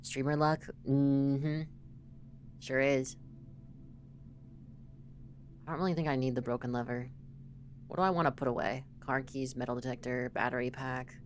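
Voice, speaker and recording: Very low-voiced woman streaming a game. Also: steady tone, normal speed, a little hiss or hum. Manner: reactive, swears, reads game text aloud. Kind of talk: live gameplay commentary.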